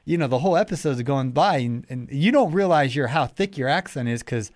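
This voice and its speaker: A man's voice: medium pitch, lively intonation, fairly quick, no room sound, studio quality. Chatty man hosting a podcast. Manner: rambling, chatty, with many restarts and fillers. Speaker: podcast host. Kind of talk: casual interview chat.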